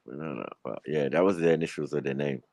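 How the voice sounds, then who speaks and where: A man's voice: a bass voice, a little fast, vocal fry, a little mellow, no echo. A man hosting a casual chat, speaking in a laid-back way. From United Kingdom. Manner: laid-back, drops into exaggerated put-on voices. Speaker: host.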